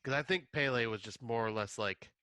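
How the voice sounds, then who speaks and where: Easygoing male co-host; bright, forceful tone, dry recording. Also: mid-range voice, fairly quick, dry recording. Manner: agreeable, hedging, acts out dialogue in a raised voice. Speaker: podcast co-host. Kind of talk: casual chat.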